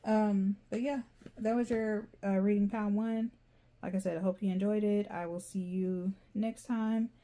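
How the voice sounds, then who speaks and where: A woman's voice: mid-range voice, fairly even intonation, moderate pace, mellow. Rambling, chatty woman reading tarot. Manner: rambling, chatty, laughs often. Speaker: tarot reader.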